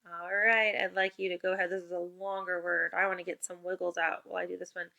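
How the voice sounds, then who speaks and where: A woman teacher giving a remote spelling lesson to young children, upbeat and encouraging, with clear call-and-response prompts. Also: fairly low pitch, flat delivery, quick pace, sharp tone.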